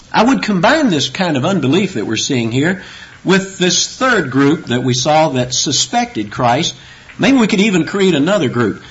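Animated preacher man, lo-fi recording. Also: fairly high pitch. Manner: animated, emphatic, with rhetorical questions. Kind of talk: expository sermon. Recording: dull lo-fi recording.

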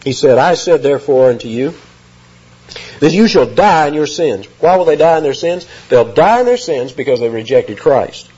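A man delivers an expository sermon with a husky, slightly raised voice. His pitch swings widely as he reads scripture and stresses key words. The recording sounds dull and lo-fi. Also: moderate pace. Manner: lively, emphatic, reads scripture aloud. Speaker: preacher.

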